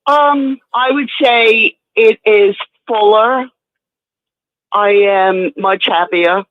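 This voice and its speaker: A woman guest speaking candidly in an interview, plain-spoken and halting, often repeating words as she goes. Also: mid-range voice, no room sound. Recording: dry, tinny phone-line sound.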